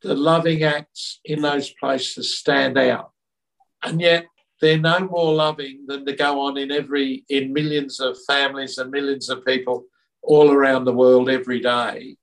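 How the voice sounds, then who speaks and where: A man giving an interview in an earnest, reflective tone, often restarting his sentences. His pitch is mid-range. The recording catches him from a little distance. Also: little pitch movement, unhurried, gravelly. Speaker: interview guest. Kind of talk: reflective conversational storytelling.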